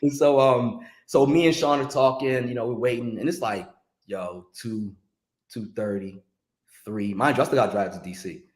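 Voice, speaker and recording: A middle-aged man tells an anecdote in a relaxed interview chat. He switches into voices to act out the people in the story. His voice carries a clear echo from the room. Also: mid-range voice, moderate pace. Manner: animated storyteller acting out quotes. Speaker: music industry guest telling stories.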